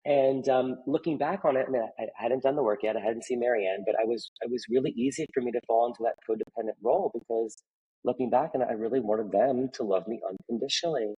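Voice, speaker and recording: A man's voice: mid-range voice, fast, slightly rough, dull audio. A man in his forties, a personal trainer and author, speaking earnestly and with open emotion as an interview guest. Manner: earnest, emphatic, openly emotional. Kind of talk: candid conversational interview.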